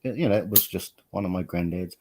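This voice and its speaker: A man's voice: low-pitched, fast, a little mellow, a little hiss or hum. A man hosting a live stream, chatting casually in a rambling, self-deprecating way and laughing often. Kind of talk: casual chat.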